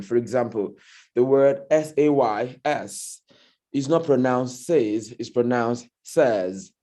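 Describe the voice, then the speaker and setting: Slow, mellow Nigerian man giving feedback. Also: mid-range voice. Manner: measured, deliberate, corrective. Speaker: language evaluator at a speaking club meeting. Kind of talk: meeting feedback report.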